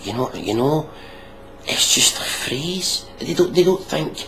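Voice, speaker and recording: A man's voice: on the high side, expressive, measured pace, vocal fry, sharp tone, a little hiss or hum, low-quality recording. A man hosting a casual reaction video, mocking and sarcastic, swearing freely.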